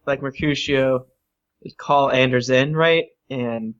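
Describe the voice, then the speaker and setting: A man's voice: mid-range voice, steady tone, takes it slowly. A man running a tabletop game in casual chat, laughing and thinking aloud, on a dull lo-fi recording. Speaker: game master.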